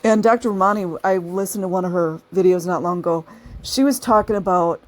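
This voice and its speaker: A woman's voice: lowish voice, fairly quick. Chatty, laughing woman talking to her viewers. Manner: chatty, laughs often, acts out quoted people. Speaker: channel host. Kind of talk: casual monologue to viewers.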